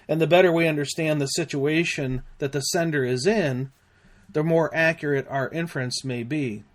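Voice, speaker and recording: A man with a somewhat high voice hosts an educational podcast. He reads a prepared script in a measured, deliberate way, pausing between phrases. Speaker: podcast host and safety instructor.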